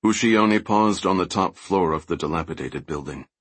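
A man narrating an audiobook with steady, even storytelling. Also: deep voice, normal speed, husky, no room sound. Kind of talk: scripted narration.

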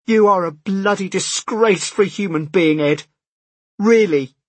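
A man puts on a furious adult sister in a storybook reading, her voice choked with tears and raised higher and louder than his own. The scolding comes out bitter, with a husky edge. It is recorded dry and close. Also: slow, no echo, full character voice. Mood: contemptuous. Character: angry tearful adult sister.

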